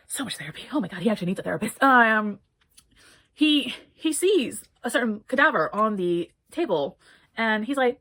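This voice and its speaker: A woman's voice: fairly high pitch, animated, moderate pace, fairly bright tone, rough recording. A woman giving a casual book review, rambling and swearing freely as she chats. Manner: rambling, profane, chatty.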